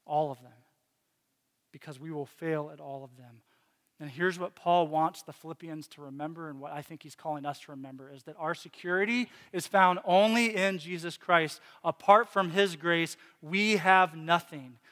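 A pastor from Virginia delivers a heartfelt sermon, sharing personal struggles with many restarts and repetitions. His voice sits high for a man. It carries with a long reverb through a large church hall. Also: normal speed, fairly bright tone. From Virginia, USA.

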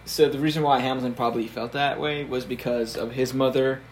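A man's voice: mid-range voice, fairly even intonation, fairly quick, slight background noise. A young man co-hosting a casual history podcast, telling the story with fillers and frequent laughter.

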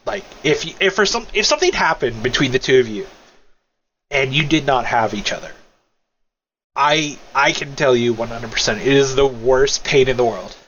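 A tipsy man crying as he speaks on a podcast, halting and emotional, stammering as he starts over. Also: mid-range voice, expressive, fairly bright tone, highs cut off, a little hiss or hum. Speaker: podcast guest. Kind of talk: casual podcast chat.

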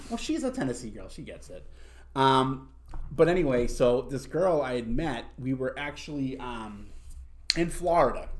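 A young man tells a long story in loose, rambling bursts, laughing at himself as he goes. His pitch sits right in the middle for a man, and the talk is casual and full of fillers. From Massachusetts. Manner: rambling, laughing, self-mocking.

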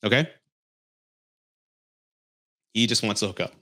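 A man with a lowish, bright voice speaks a little slowly and forcefully. He hosts a casual dating-advice podcast, ranting bluntly, swearing plenty and laughing often in a heated, scolding way.

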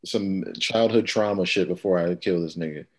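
A man's voice: deep voice, moderate pace. A man chatting casually as a podcast co-host, giving blunt, reactive comments. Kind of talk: casual chat.

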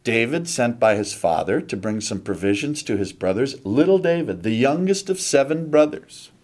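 A man's voice: medium pitch, lively intonation, normal speed, a little mellow. A man preaching a sermon, retelling a scripture story dramatically and animatedly.

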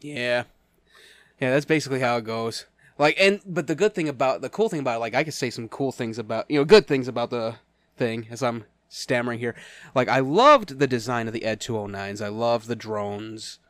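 A man's voice: medium pitch, brisk, fairly bright tone, no room sound. A man co-hosting a podcast in casual chat, stammering and laughing often. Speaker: podcast co-host.

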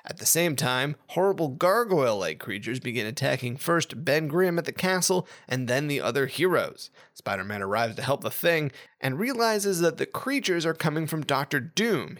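Podcast co-host, man: lively, sarcastic, sweary, slips into impressions. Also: mid-range voice, moderate pace, few pauses. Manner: ranting, sarcastic, profane; acts out character voices. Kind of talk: casual podcast chat.

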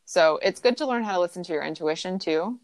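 A woman with a slightly low voice talks in a loose, rambling way, with many fillers and restarts. The recording is dry, with no room echo. It sounds like relaxed casual chat. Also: fast talker. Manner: rambling, chatty, full of "like" and "um". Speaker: podcast co-host explaining astrology.

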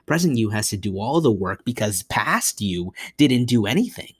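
A man's voice: lowish voice, big pitch swings, moderate pace, husky, dry recording, clean studio sound. A young man hosting a solo podcast, rambling and self-mocking, with frequent restarts and asides. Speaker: podcast host.

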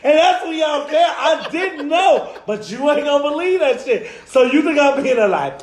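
A man's voice: very high-pitched, lively intonation, normal speed, few pauses. A man, telling stories in a casual chat, swearing and laughing often. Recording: echoey room.

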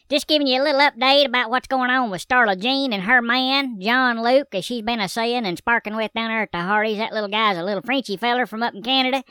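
A woman's voice: fairly high pitch, bright, forceful tone, clean tone, no echo. A woman voicing a folksy, rambling rural man in a comedy monologue. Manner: rambling, homespun drawl.

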